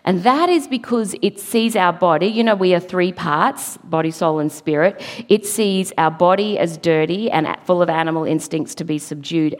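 A middle-aged woman giving an earnest, emphatic church talk, now and then laughing at her own slips. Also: medium pitch. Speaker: preacher. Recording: long hall reverb.

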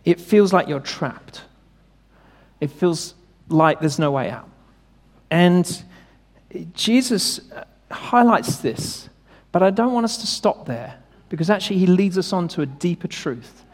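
A high-voiced man preaching to a congregation, casual but emphatic, asking questions and stressing key words. His voice rings out with long reverb through a church hall. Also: animated, measured pace. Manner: conversational, emphatic, rhetorical questions. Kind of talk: sermon.

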